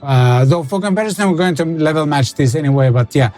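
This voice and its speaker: Playful man in a high voice. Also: lively intonation, brisk, a little mellow, soft background music. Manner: playful, rambling, self-mocking. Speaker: gear reviewer. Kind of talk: casual product demo chat. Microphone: studio condenser mic.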